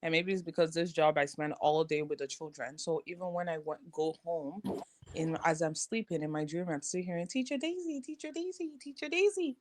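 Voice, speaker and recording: A young woman and teacher chatting casually as a podcast co-host, telling animated stories and acting out other people's voices. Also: low voice, brisk. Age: young adult. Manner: animated storyteller, acts out voices. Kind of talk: casual chat.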